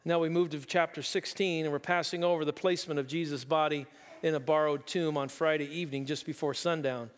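A man preaching a sermon, telling a story and reading scripture slowly and deliberately. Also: on the high side, fairly even intonation. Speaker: pastor. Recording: long reverb of a large room.

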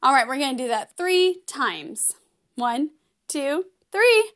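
A young woman hosting a children's lesson in a gentle, playful, encouraging way, laughing easily as she talks to little ones. Her voice sits high and swings widely in pitch. She takes her time, speaking slowly and clearly. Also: sing-song. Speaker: children's program host. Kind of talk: children's lesson with song and breathing game.

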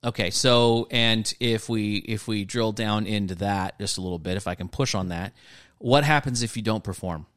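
A man's voice: lowish voice, moderate pace, a bit bright, clean tone, no room sound, clean studio sound. Thoughtful male podcast co-host. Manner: thoughtful, probing questions, self-deprecating. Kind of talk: casual faith podcast chat.

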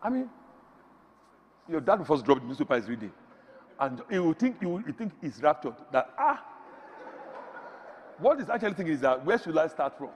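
Preacher from Africa, male, husky high voice, lively swoops, long hall reverb. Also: a little fast, long pauses, slight background noise. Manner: preaching with sudden shouts and swings in pitch. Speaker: pastor. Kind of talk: sermon.

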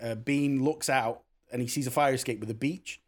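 A man's voice: mid-range voice, normal speed. A man co-hosting a casual film podcast, blunt and emphatic with his opinions. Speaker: podcast co-host. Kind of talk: casual film review chat.

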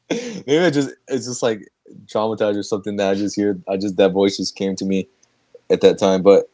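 Laughing young man with a low voice. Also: moderate pace, warm tone, no room sound. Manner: laughing often, rambling with restarts. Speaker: podcast host. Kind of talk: casual chat.

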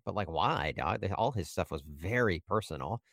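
A very deep-voiced man riffs about films on a podcast, joking and asking rhetorical questions. His voice is close and dry, with no room sound. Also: animated, normal speed, vocal fry, a bit bright, no echo. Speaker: podcast co-host. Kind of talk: casual movie discussion.

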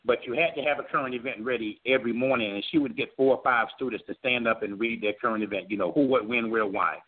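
Florida guy telling a story on a call-in show, earnest, does the voices, middle pitch, tinny phone sound. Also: quick pace. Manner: earnest storyteller who acts out quoted voices. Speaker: guest, former governor candidate. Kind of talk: telling a personal story on a radio talk show.

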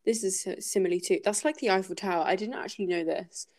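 A woman's voice: medium pitch, fast talker, a little mellow. A woman hosting a casual book-club podcast, thinking aloud and hesitating with many fillers as she talks through a chapter.

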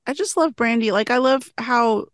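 A woman guesting on a podcast, chatting in an animated way and laughing often. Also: on the high side, moderate pace, no echo, clean studio sound. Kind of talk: casual chat.

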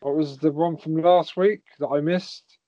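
A man's voice: fairly high pitch, steady tone, a little slow, mellow, dry recording. A man co-hosting a podcast in casual chat, hesitant and full of ums. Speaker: podcast co-host. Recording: dull dry lo-fi mic.

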